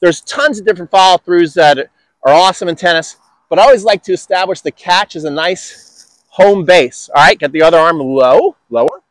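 A man's voice: high voice, normal speed, dry recording. A man coaching tennis on an outdoor court, upbeat and encouraging with enthusiastic praise.

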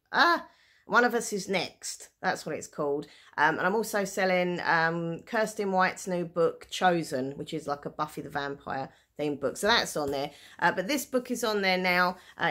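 A woman's voice: fairly low pitch, a bit bright. A woman chatting casually in a show-and-tell vlog, rambling and self-deprecating with frequent giggles. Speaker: vlogger selling items online.

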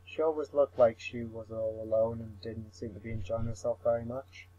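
A man's voice: mid-range voice, flat delivery, moderate pace, dark tone, dull audio. A young man reading a visual novel aloud for laughs, mumbling, tripping over words and swearing at himself. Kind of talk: comic read-through of a visual novel.

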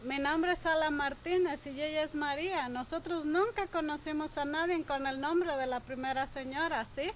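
A woman's voice: high-pitched, fairly quick, few pauses, lightly acted. An actress playing a counselor who repeats her partner's words as a translator. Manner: echoes her partner's lines in Spanish. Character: woman counselor repeating everything in Spanish. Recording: dull film audio with faint noise.

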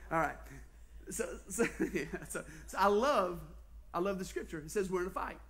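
A man's voice: high-pitched, normal speed. A male pastor with a Southern US accent, preaching a sermon, telling stories with animation and constantly asking the congregation questions. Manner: animated storytelling, quizzing the congregation.

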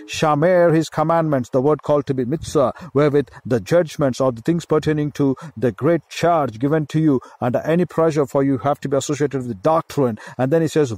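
A man's voice: on the high side, a little mellow, no echo. A man preaching a sermon, teaching with emphatic repetition and Hebrew word studies.

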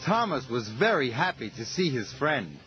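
A man narrating a children's story in a slow, gentle and expressive scripted style. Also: medium pitch. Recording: slightly dull TV audio. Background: music.

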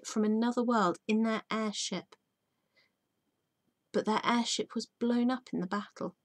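A woman teacher reading a children's book aloud, soft and often hushed, at home. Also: medium pitch, no room sound.

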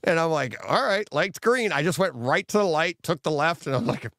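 A middle-aged man co-hosting a casual podcast, telling stories with animated quoted voices and laughter. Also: fairly high pitch, a little fast, no echo, studio quality. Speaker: co-host.

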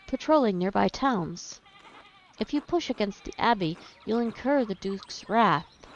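A woman's voice: mid-range voice, lively intonation, measured pace. A woman reading as a cautious village woman. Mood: warning. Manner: warning, level-headed. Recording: dull lo-fi stream audio.

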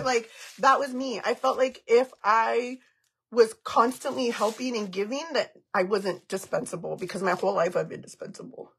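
A woman's voice: a little high, moderate pace, vocal fry, fairly bright tone, slightly rough. A woman in her thirties chatting candidly on a live stream while taking off her makeup, emotional and frank, dropping in Spanish slang. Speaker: vlogger doing a live stream. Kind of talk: casual chat while removing makeup.

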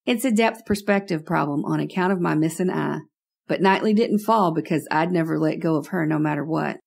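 A woman's voice: deep voice, fairly quick, vocal fry, a little mellow, husky. A woman narrating a first-person horror story in a wry, conversational way.

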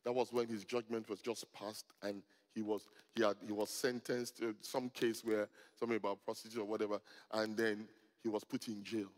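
Middle-aged male pastor, storytelling sermon with humor and loud peaks, reverberant church hall. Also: on the low side, level tone, fairly quick, hardly any pauses. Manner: storytelling, joking, rising to loud emphatic peaks. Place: church hall before a congregation.

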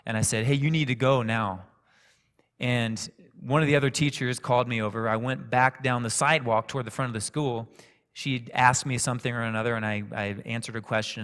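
A man preaching a sermon, telling a personal story in a calm, conversational way. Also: mid-range voice. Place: church sanctuary. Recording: echoey church hall reverb.

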